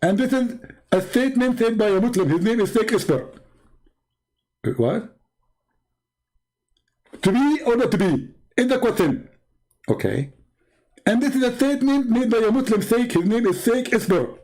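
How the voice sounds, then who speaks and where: A man's voice: extremely high pitch, expressive, moderate pace, pauses often, a little mellow, voice pushed up, poor audio. A man putting on a pompous, condescending voice for a mocking impression of a preacher. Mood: smug. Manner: pompous, condescending, talks in a mock accent. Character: mock impression of a preacher, male, pompous, smug.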